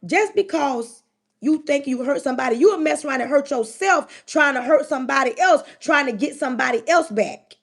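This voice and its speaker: A woman's voice: high voice, lively intonation, moderate pace, vocal fry. A middle-aged woman talking on her livestream, giving spiritual advice in a preaching style, repeating her points with emphasis and speaking straight to her listeners. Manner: repetitive, emphatic, speaks in direct address.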